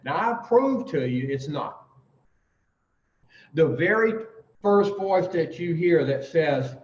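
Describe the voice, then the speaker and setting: A man teaching the twelve steps of recovery to a group, emphatic and blunt, with long pauses and the odd curse. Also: on the high side, animated, darkish tone. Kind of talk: informal recovery talk to a group. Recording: roomy, distant, dull lo-fi sound.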